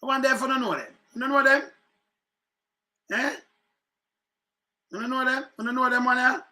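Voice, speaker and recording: A Jamaican man talks over political clips in loose, animated patois, circling back to repeat his points. His voice sits high and rings very bright and sharp. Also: unhurried. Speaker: political commentator. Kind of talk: casual commentary on news clips.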